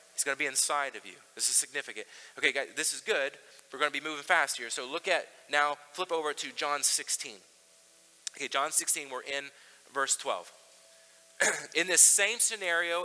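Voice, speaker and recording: Guy preaching a sermon, high bright voice, chatty with lots of ums, church echo. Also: expressive, normal speed. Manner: conversational preaching with fillers and restarts. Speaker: pastor.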